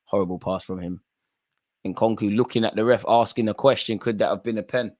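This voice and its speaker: A man's voice: lowish voice, fairly even intonation, a little fast, darkish tone. A man hosting a live football watchalong, calling out players by name and bantering in casual slang. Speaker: watchalong host.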